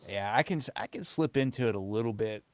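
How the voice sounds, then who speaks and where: A man's voice: on the low side, fast, no echo. A man with a light Southern accent, an actor chatting casually and telling rambling stories on a livestream. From Southern US, Tennessee. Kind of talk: casual chat.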